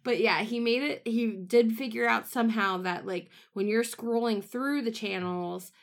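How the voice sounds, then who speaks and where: A woman's voice: fairly high pitch, normal speed. A woman, a podcast guest, chatting casually and laughing as she tells a story. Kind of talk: casual chat.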